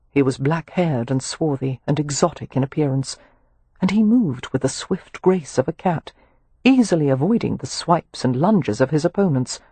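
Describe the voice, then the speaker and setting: An audiobook narrator reading a period romance with expressive, measured storytelling. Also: mid-range voice, slightly rough, no echo.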